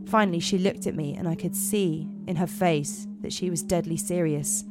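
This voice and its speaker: Woman host, lowish voice, put-on American accent, dramatic horror reading, music behind. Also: steady tone, normal speed, hardly any pauses. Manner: dramatic, giggly reading with slips. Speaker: podcast host and storyteller. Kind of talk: reading horror stories aloud.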